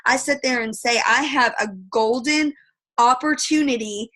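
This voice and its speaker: Woman, 30s, sales team leader; tough-love motivator, emphatic, rambling, bright voice, video call audio. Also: a little high, measured pace.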